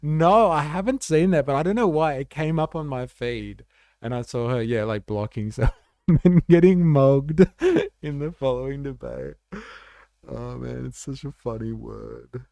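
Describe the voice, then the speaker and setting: A man's voice: medium pitch, moderate pace, vocal fry, no echo, clean studio sound. A man hosting a livestream, reacting to chat in a laid-back, rambling way with swearing and fillers. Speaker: livestream host.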